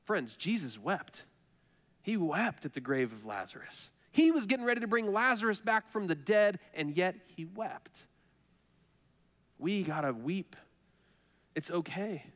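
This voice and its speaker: A man's voice: high-pitched, lively intonation, measured pace, pauses often, a bit bright. A man preaching a sermon as pastor, earnest and conversational, repeating phrases for emphasis. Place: church sanctuary. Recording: reverberant church hall.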